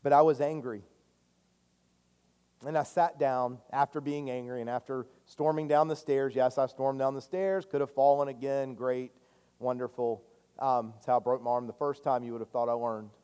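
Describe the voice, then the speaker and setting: Earnest pastor preaching in a reverberant church. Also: male voice, medium pitch, moderate pace. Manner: earnest, confessional, swinging from loud to hushed. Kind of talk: sermon. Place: church sanctuary. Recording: long hall reverb.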